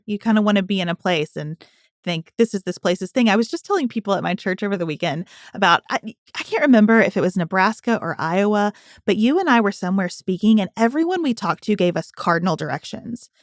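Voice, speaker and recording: Animated storytelling woman, dry close mic. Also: on the low side, fast talker, no room sound. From Southern US. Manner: storytelling, animated when quoting others. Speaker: podcast co-host. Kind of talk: casual conversational podcast chat.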